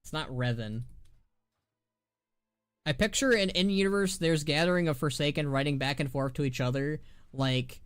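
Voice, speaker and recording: A man streaming as a VTuber, chatting casually while playing, animated and opinionated, often stumbling and repeating words. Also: on the high side, normal speed, pauses often, clean tone, no echo, clean studio sound.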